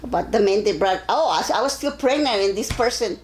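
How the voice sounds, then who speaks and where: An older woman from Arizona being interviewed, telling stories in a casual, animated way and acting out the voices of the people in them. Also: medium pitch, a little fast, slight background noise, poor audio. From Arizona, USA. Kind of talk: casual storytelling.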